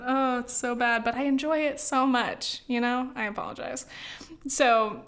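In her casual vlog, a young woman from the US West Coast meanders unhurriedly, her slightly high voice steady and fairly bright. Sighs and laughs pop up here and there, and "like" and "you know" pepper what she says.

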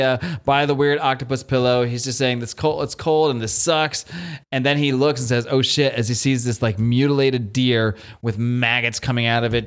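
Male podcast co-host, mid-pitch, casual and animated recap voice. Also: clean tone. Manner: animated retelling, acts out quotes. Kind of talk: casual comic book discussion.

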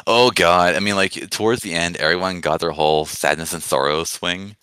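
A man's voice: deep voice, normal speed, sharp tone, clean tone, no room sound. A man co-hosting a podcast, chatting casually in a rambling, sarcastic, profane way. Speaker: podcast co-host. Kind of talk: casual chat.

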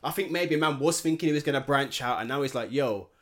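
A young man, co-hosting a podcast in casual chat, animated and slangy, acting out quotes. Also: a little high, quick pace. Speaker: podcast co-host.

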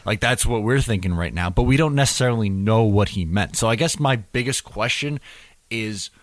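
A man hosting a casual sports podcast, talking in a steady, measured, explaining way. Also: lowish voice, no room sound. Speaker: podcast host.

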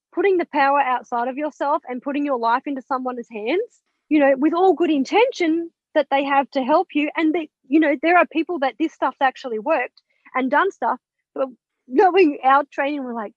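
In dull, dry lo-fi audio without echo, a high-pitched woman tells her story conversationally while being interviewed as an author and mentor. She's animated, voices the other people's lines herself and swears a little, bluntly.

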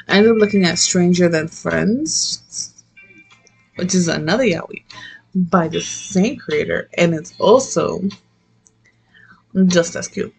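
Brief: young woman, low gravelly voice, loose and profane manga chat. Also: slow pace, pauses often, a little mellow, soft background music. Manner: rambling, profane, laughing often. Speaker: manga reviewer. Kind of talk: casual chat.

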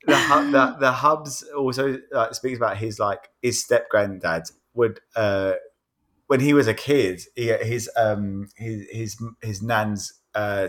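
A man's voice: on the low side, a bit bright. A British man hosting a podcast, chatting casually and telling rambling stories with little put-on voices and many restarts. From England. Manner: chatty storyteller, slips into impressions, rambling restarts. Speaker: podcast host. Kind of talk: casual chat.

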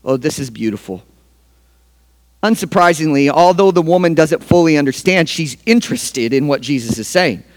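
A male pastor delivering a sermon in a high-pitched voice for a man. He is emphatic and swings between hushed passages and loud declarations. His voice rings out with a long church reverb. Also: lively intonation, normal speed.

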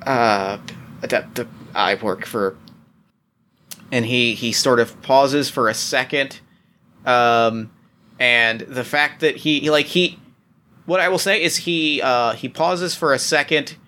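A man narrating as game master, talking in halting bursts full of restarts and fillers. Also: medium pitch, fairly even intonation, bright, forceful tone.

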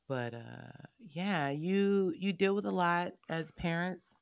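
A woman in her thirties, a board member, telling her family's story in an emphatic, animated way with pointed asides to the listener. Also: fairly low pitch, slow pace, creaky, clean tone, dry recording. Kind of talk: personal storytelling in a conversation.

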